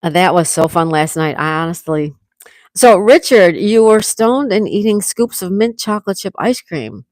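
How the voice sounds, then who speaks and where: A congested woman hosting a relaxed livestream at home, chatting and reading out viewers' comments. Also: mid-range voice, moderate pace, no room sound. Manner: relaxed, chatty, laughs often. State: congested, coughing. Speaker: livestream host.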